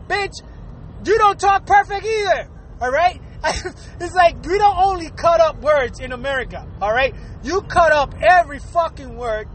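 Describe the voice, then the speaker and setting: A man from Puerto Rico in a casual, profane monologue, talking fast, swearing freely and laughing often. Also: extremely high pitch, fairly bright tone, a little hiss or hum, low-quality recording.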